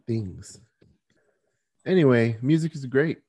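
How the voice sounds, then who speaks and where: A man in his thirties co-hosting a podcast in casual chat, chatty and quick to laugh, often acting out quotes. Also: medium pitch, lively intonation, mellow, breathy edge. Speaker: podcast co-host.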